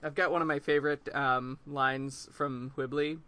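A man's voice: a little high, fairly even intonation, normal speed, pushed and bright. A man co-hosting a casual book discussion, talking in a loose, conversational way. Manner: laughs easily, loose conversational.

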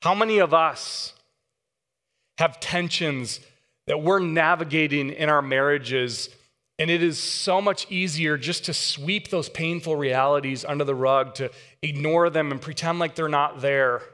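Male preacher, lively storyteller, bright, fairly high voice, hall reverb. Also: measured pace. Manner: animated storyteller, acts out voices. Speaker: guest pastor. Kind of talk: sermon with storytelling. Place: church sanctuary. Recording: long church hall reverb.

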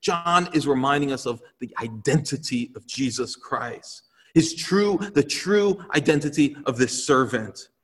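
A man's voice: medium pitch, animated, unhurried. A male pastor giving an earnest, emphatic sermon in a church sanctuary. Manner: earnest, emphatic preaching with repeated phrases. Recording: long hall reverb.

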